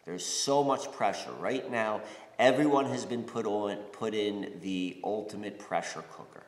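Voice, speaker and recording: A man's voice: lowish voice, unhurried. A man from the United States giving a reflective spiritual talk, rambling with many fillers and restarts. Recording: echoey room with long reverb.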